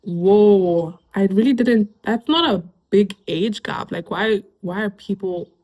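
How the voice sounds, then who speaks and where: A woman's voice: mid-range voice, a little slow. Chatty young Kenyan woman vlogger. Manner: chatty, laughs often, mixes in Swahili slang. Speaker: YouTuber. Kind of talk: casual commentary reading online posts.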